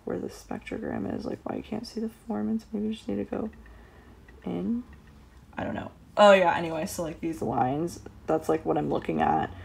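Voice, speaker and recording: This young adult woman from the United States has a low, creaky, somewhat mellow voice with a slight roughness. She's a university student vlogger chatting casually from her home room and a campus lab, packing her talk with "like."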